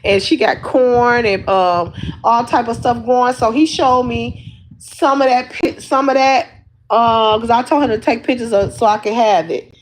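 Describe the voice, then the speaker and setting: A woman's voice: fairly high pitch, unhurried, a little hiss or hum, poor audio. Rambling chatty woman livestreaming. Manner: rambling, chatty, laughs often. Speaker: livestream host. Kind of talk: casual chat to viewers.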